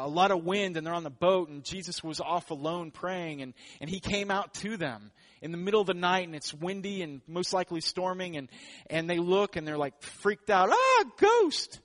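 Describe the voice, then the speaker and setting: A man's voice: on the high side, a bit bright. A man preaching a sermon in a joking, conversational way. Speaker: pastor.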